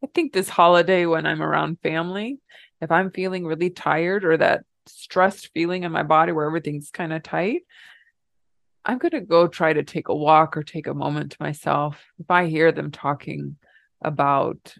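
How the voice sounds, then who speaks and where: A middle-aged woman, a podcast co-host, telling a personal story in an emotional, animated way. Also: low voice, moderate pace, gravelly, no room sound, studio quality. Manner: emotional, animated retelling with laughs.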